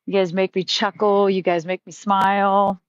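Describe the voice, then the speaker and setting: In a mid-range voice with a level tone and moderate pace, a middle-aged woman chats through heartfelt stories on a casual live stream, using lots of fillers. Her audio is dry, a little muffled, and has no room sound.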